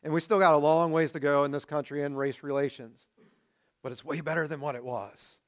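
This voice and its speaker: A pastor preaching a sermon, swinging between loud passionate build-ups and hushed, quiet appeals. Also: male voice, fairly high pitch, fairly even intonation, fairly quick.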